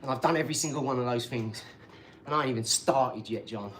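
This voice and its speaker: A man's voice: medium pitch, fast, a bit bright, slight background noise. A man, talking casually on a live stream in a rambling, cheeky way and laughing between his remarks.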